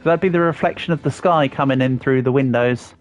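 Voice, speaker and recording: A man's voice: mid-range voice, a little fast, dry recording, soft background music. An English man in his thirties, chatting casually on a live stream and answering viewers' comments as he builds. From England. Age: 30s. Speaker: livestreamer.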